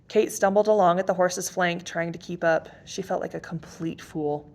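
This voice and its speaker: Low, gravelly woman reading a story. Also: moderate pace. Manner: steady reading aloud of a novel chapter. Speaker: reader. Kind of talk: storybook narration.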